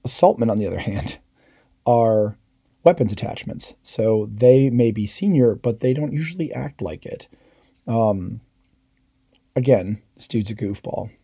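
Dark-voiced man telling candid stories. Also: on the low side, expressive, a little slow, slightly rough, dry recording, studio quality. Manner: candid, swears freely, quotes comrades in raised voices. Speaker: podcast host, veteran. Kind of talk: casual storytelling.

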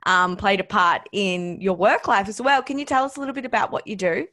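A woman's voice: mid-range voice, a little fast, a bit bright. A woman hosting a podcast interview over a remote online recording, speaking in an effusive, encouraging way. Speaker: podcast host.

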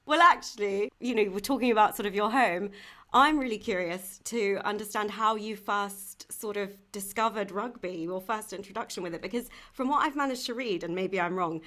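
A woman's voice: medium pitch, a little fast, a bit bright. A woman hosting an interview, asking curious questions and giving short encouraging reactions. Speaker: podcast host. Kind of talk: casual interview.

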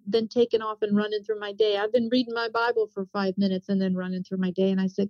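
A woman's voice: medium pitch, level tone, quick pace, hardly any pauses, no room sound. A woman earnestly recounting a personal spiritual experience, repeating herself as she tells it. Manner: earnest, repetitive retelling. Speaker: testimony speaker. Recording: dull, dry, lo-fi sound.

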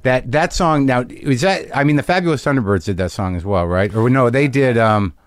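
A man's voice: mid-range voice, brisk, dry recording. A man in his late forties hosting a podcast, telling a rambling, self-mocking comic story and then chatting with a guest. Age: late 40s. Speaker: podcast host. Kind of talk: comic monologue and interview. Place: home studio.

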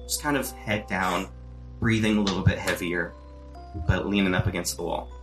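Low-voiced man narrating as game master. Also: fairly even intonation, a bit bright, faint music behind. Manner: descriptive, measured storytelling.

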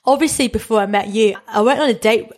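A woman, co-hosting a podcast in casual chat and telling stories in an animated way. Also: a little high, fast talker. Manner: chatty, animated storytelling with laughs. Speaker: podcast co-host.

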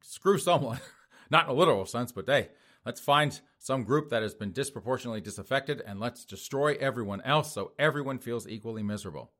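A man's voice: medium pitch, a little fast, bright, forceful tone. Middle-aged male show host; sarcastic news commentary, mocking tone. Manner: mocking, sarcastic, laughs at own jokes. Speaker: podcast host.

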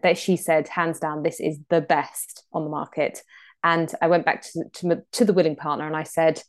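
A woman co-hosting a podcast, telling stories in an animated, gushing way. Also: sits low, moderate pace. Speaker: podcast co-host. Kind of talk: casual chat.

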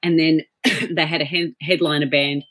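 A woman's voice: low-pitched, fairly even intonation, moderate pace, a bit bright. A woman with an Australian accent, a podcast guest telling stories in casual chat, full of fillers and restarts. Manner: chatty storyteller with frequent fillers and restarts. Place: at home.

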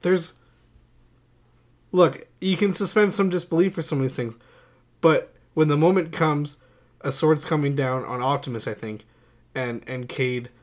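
A young man co-hosting a casual film podcast, mocking and getting loud and animated as he rants. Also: fairly high pitch, a little slow, pauses often. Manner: mocking, gets loud and animated when ranting. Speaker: podcast co-host. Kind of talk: casual movie chat.

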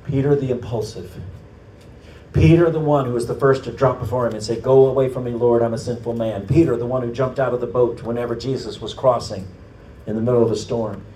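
A male pastor preaching a sermon as a story, rising to loud emphatic peaks and then dropping to a low hush. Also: steady tone, fairly quick, recorded from a distance, slight background noise. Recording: echoey room, voice off-mic.

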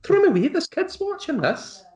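A man's voice: very high-pitched, very animated, fairly quick, a little mellow, voice pushed up. A man doing a comic impression of a chirpy Scottish female morning TV presenter, gushing and scolding in turn.

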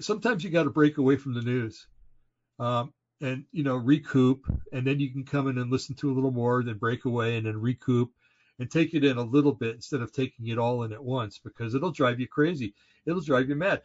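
A man co-hosting a casual political talk show, ranting indignantly with many fillers and restarts. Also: mid-range voice. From Oregon, United States. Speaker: podcast co-host. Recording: slightly dull lo-fi audio.

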